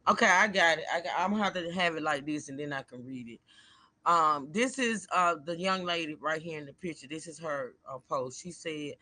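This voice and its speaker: A man with a bright, forceful voice sitting a little high for a man. He talks straight to his viewers in a loose, chatty way on a casual livestream and reads a post aloud. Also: fairly quick, no room sound. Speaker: livestream host. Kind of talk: casual live commentary, reading a post aloud.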